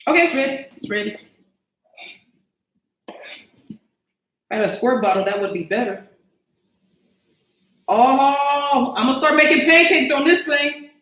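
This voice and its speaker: A woman's voice: sits high, unhurried, pauses often, fairly bright tone, echoey room, poor audio. A woman hosting a casual cooking livestream, chatting to viewers as y'all and thinking aloud as she cooks in her home kitchen.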